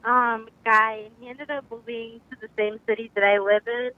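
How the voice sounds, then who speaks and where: A woman's voice: fairly high pitch, little pitch movement, normal speed. A young woman calling in to a radio show by phone. She rambles casually and fills her speech with "like". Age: young adult. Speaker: caller. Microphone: phone call-in. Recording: lo-fi phone line.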